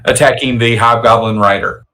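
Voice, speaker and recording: A man playing in a tabletop game, relaxed and halting as he describes his character's actions. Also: medium pitch, poor audio. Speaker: player. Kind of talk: casual tabletop game play.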